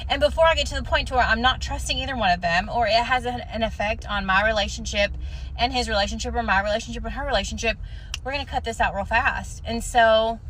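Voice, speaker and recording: A woman's voice: a little high, fairly bright tone, slight background noise, low-quality recording. A woman telling a story in a casual, self-assured, chatty way.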